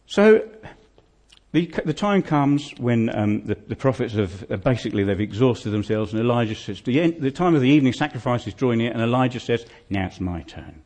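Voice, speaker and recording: A man's voice: mid-range voice, lively intonation, fairly quick, a little mellow. A man preaching a sermon, retelling a scripture story in a vivid, conversational way, often asking his listeners questions. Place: church hall.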